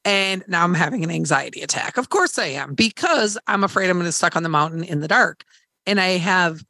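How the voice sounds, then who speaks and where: A woman's voice: fairly low pitch, bright, forceful tone, dry recording, clean studio sound. A woman hosting a podcast, candidly retelling a hard experience in casual chat, swearing freely and acting out quoted dialogue. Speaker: podcast host.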